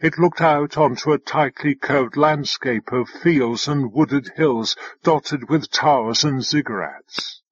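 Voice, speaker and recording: A man narrates an audiobook at a slow, measured pace, his voice husky and pitched a little high. The recording is dry and somewhat dull, with no room around it. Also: no echo. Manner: measured, unhurried reading. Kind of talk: scripted narration.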